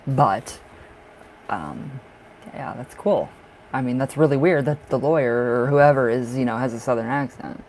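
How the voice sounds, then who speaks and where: A man's voice: medium pitch, unhurried, a little mellow, slight background noise, rough recording. Hey so a guy doing tarot readings live, from up north in the us, talks a lot, laughs a ton, repeats stuff. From northern United States. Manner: chatty, laughs often, repeats himself. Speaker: tarot reader.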